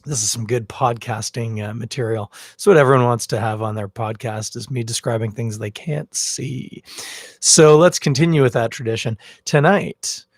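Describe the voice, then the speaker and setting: A man's voice: medium pitch, moderate pace, no echo, studio quality. A man hosting a casual podcast livestream from home, rambling with self-mocking jokes. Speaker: podcast host. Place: at home, in a bathrobe. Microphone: headphones with a cable, phone camera.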